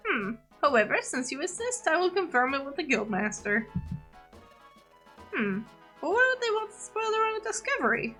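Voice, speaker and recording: A woman's voice: high voice, big pitch swings, normal speed, sharp tone, faint music behind, heavily acted. A woman voicing a fussy, pompous male parrot assistant in a game, speaking in a prim, emphatic way.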